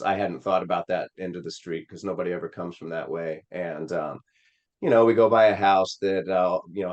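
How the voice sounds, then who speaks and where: Deep-voiced man telling an earnest story. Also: darkish tone, highs cut off. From Missouri. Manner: rambling, earnest storytelling with many fillers. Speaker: Senate candidate, podcast guest. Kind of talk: personal storytelling in an interview.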